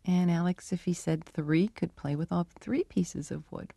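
Gravelly-voiced woman researcher. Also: on the low side, moderate pace, no echo. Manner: animated storytelling, acts out dialogue. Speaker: animal cognition researcher. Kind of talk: interview answers.

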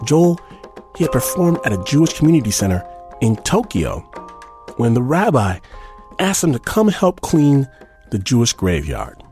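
A man hosting a radio storytelling show, reading his links with a lively, emphatic delivery. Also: medium pitch, normal speed, long pauses, soft background music. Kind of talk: scripted host narration.

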